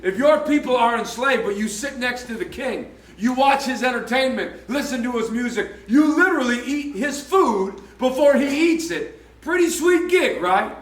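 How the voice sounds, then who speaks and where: A male pastor delivers a sermon, retelling the story and slipping into the voices of its characters. His voice sits very high. He is heard from a distance in a roomy, echoing church hall. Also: normal speed, hardly any pauses. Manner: animated storytelling, acting out biblical characters' voices. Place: church sanctuary.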